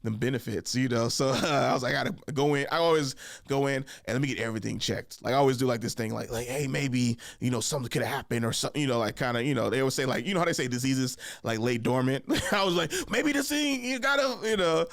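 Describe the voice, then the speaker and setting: A young man hosting a podcast, telling funny stories in a casual chat, jumping into high voices to act out other people and laughing along. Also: fast talker, creaky, few pauses, no echo, studio quality. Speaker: podcast host. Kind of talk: casual storytelling monologue.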